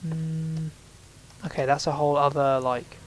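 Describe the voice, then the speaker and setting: A man's voice: fairly high pitch, little pitch movement, measured pace, a little hiss or hum, poor audio. A man giving casual let's play commentary, chatty and reacting aloud with sudden exclamations as he plays.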